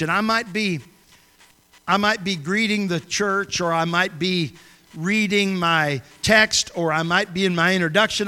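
Pastor guy telling stories from the pulpit, kinda high voice, big church reverb. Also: bright, forceful tone. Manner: folksy, conversational storytelling. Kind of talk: storytelling sermon. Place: church sanctuary. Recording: long reverb of a church hall.

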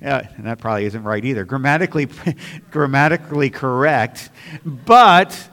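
A man's voice: mid-range voice, animated, normal speed, fairly bright tone, in a large hall. A man preaching a sermon as pastor, earnest and at times emphatic, with a slight stammer and small restarts. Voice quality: slight stammer on some words.

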